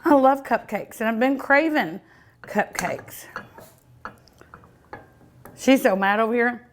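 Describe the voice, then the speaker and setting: A woman's voice: on the high side, lively intonation, slow pace, slight background noise. A woman hosting a cooking show, tasting her food with many delighted mmms and chatting to her dog and her viewers. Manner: sometimes talks with mouth full. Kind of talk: casual food tasting vlog.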